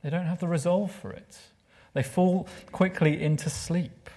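A man preaching a sermon, expressive and asking his listeners questions, sometimes dropping to a hushed voice. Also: fairly high pitch, measured pace. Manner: expressive, drops to a hushed voice for emphasis; asks the listeners rhetorical questions.

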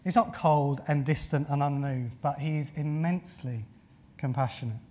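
A man's voice: fairly high pitch, normal speed, darkish tone. A man preaching a sermon in an earnest way, often repeating phrases and using filler words. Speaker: pastor.

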